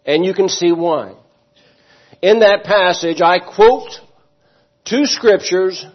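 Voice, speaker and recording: Pastor, male, high-pitched husky voice, emphatic sermon with questions to the pews; dull lo-fi church recording. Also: slow pace, long pauses. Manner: emphatic preaching, asks the congregation questions.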